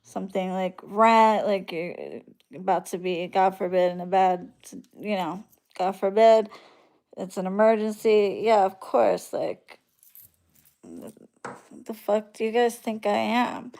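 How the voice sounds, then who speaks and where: A woman from Florida, a spiritual practitioner, tells her clients a story in a blunt, profane and animated way. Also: mid-range voice, slow pace, gravelly. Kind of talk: casual storytelling monologue.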